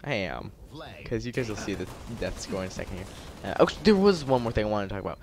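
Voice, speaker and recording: A man's voice: lowish voice, very animated, quick pace, a little mellow, slight background noise. A teenage boy rambling in casual gameplay commentary, full of fillers and frustrated ranting. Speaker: gaming YouTuber.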